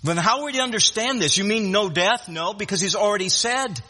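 A man's voice: high-pitched, brisk, sharp tone, breathy edge, big-room sound. A man preaching a sermon in an emphatic way, often repeating words and restarting phrases.

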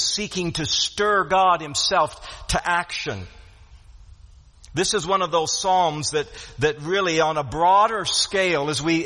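A man delivers an earnest sermon in a high, bright voice. He circles back and repeats phrases as he builds emphasis. The sound carries a long hall reverb, as from a church sanctuary. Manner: earnest preaching with frequent restarts and repeated words. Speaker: pastor.

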